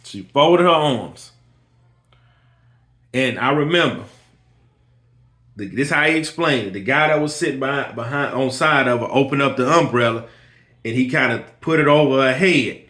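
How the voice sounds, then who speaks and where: A man's voice: mid-range voice, normal speed, long pauses, sharp tone. Emphatic man who keeps saying "listen". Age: adult with kids. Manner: storytelling with quoted dialogue. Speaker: lawn care business owner. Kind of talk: motivational personal talk.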